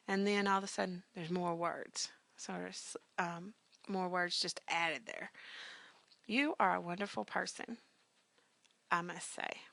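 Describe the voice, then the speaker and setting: A woman's voice: on the low side, gravelly, a bit bright, dry recording. A woman teaching business communications in a recorded grammar lecture, talking conversationally with frequent fillers and punchy emphatic asides.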